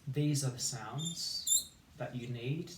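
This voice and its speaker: A man teaching a phonics lesson to children, speaking clearly and encouragingly and sounding out letters slowly. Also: mid-range voice, echoey room, background noise. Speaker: primary school teacher.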